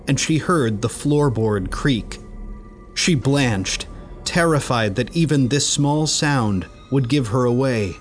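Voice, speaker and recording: A man narrates a horror story in a measured, deliberate way, letting each line land slowly. His voice sits in an ordinary middle register. Faint music plays underneath. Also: mid-range voice.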